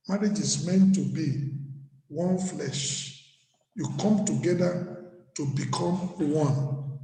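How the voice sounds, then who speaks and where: Brief: male pastor, high voice with a mellow tone, jokey sermon delivery, echoey church. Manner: preaching with humor and wordplay, laughing often.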